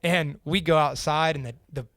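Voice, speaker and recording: A young man from Central Indiana with a Midwestern accent, his voice sitting a little high for a man. He tells a story as a podcast guest, swearing freely and acting out what others said. The sound is dry and close. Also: steady tone, normal speed, fairly bright tone, no room sound. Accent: Midwestern American. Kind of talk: casual storytelling.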